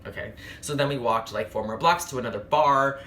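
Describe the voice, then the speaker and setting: A young man telling a comedic dating story to camera, sassy, animated and profane. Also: medium pitch, brisk, slight background noise. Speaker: travel vlogger.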